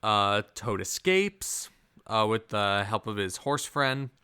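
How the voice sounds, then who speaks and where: A man's voice: on the low side, animated, takes it slowly, pushed and bright, clean tone. A man casually reviewing a film, rambling with many fillers and puzzled rhetorical questions. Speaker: movie reviewer.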